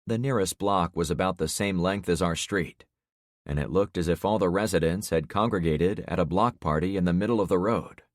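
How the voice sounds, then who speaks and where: A man narrating a first-person audiobook in a steady, matter-of-fact way. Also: low-pitched, normal speed, dry recording, clean studio sound.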